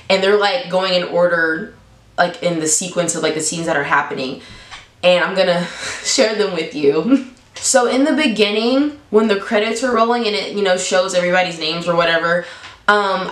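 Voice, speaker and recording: Young woman doing a sassy movie review vlog, laughs a lot, kinda echoey room. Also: fairly low pitch. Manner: animated and playful, lots of laughs and sass. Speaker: vlogger.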